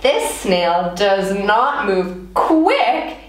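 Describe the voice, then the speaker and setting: Speaking very slowly with big pitch swings in a mid-range voice, a woman teaches English words to young children, prompting them to repeat and praising them in a sing-song, encouraging way. The room is echoey, and she sounds a bit far from the mic.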